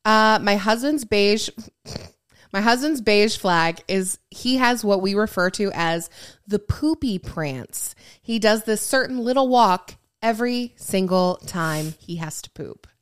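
A woman's voice: medium pitch, animated, measured pace, clean tone. A woman co-hosting a casual podcast, reading listener messages aloud and giggling as she riffs on them.

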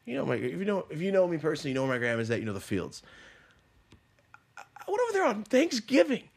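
A man hosting a podcast in casual chat, telling stories bluntly and profanely, dropping to low mutters and then bursting out loud as he acts out the people in them. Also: wildly swooping pitch, quick pace, creaky, husky. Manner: profane, blunt storytelling that acts out quoted voices. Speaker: podcast host.

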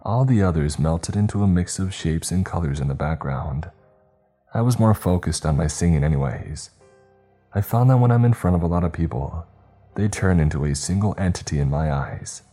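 Over faint background music, a man with a very low, dark, mellow voice reads a horror story told in the first person. His delivery is husky, measured and tense.

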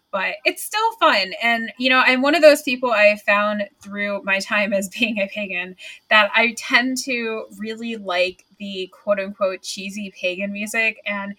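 A woman's voice: medium pitch, bright, forceful tone. A woman hosting a podcast, chatty and enthusiastic. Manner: enthusiastic, chatty, laughs often. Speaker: podcast host. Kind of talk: casual podcast conversation.

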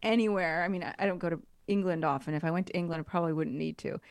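A woman with a fairly low voice chats casually on a podcast, full of lively asides and quick restarts. The sound is dry and close, with no room around her. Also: no room sound. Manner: chatty, animated, trailing restarts. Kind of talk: casual chat. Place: abroad in Italy, married into an Italian family.

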